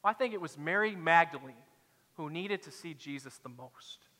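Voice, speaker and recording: A man's voice: on the high side, lively intonation, normal speed, pushed and bright, in a large hall. A man preaching a sermon as a pastor, dramatic and acting out the quoted lines.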